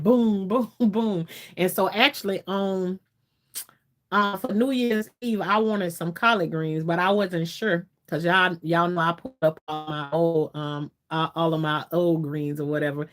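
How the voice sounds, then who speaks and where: A woman from Florida with a Southern US accent, hosting a casual livestream, chatting loosely and laughing often. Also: fairly low pitch. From Florida, USA. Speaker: livestream host. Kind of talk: casual livestream chat, reading viewer comments.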